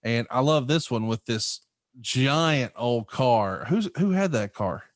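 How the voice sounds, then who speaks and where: A man's voice: mid-range voice, expressive, slow, dry recording, studio quality. A man hosting a podcast, asking questions in an enthusiastic, casual interview chat. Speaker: podcast host.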